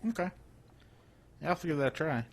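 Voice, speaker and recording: A man's voice: on the high side, fast, creaky, slight background noise. A man co-hosting a podcast, chatting casually and in a laid-back way, mostly answering with short agreeing replies. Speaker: podcast co-host. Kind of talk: casual chat.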